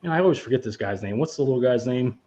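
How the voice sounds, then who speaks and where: A man's voice: mid-range voice, animated, very fast, dark tone, highs cut off. A man co-hosting a casual movie podcast who rambles, swears freely and laughs often as he talks. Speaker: podcast co-host. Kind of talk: casual movie review chat.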